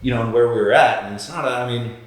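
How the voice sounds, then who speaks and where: A man, a podcast guest, telling a story in a casual way, animated and swearing freely as he acts out what people said. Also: mid-range voice, quick pace. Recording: very echoey room.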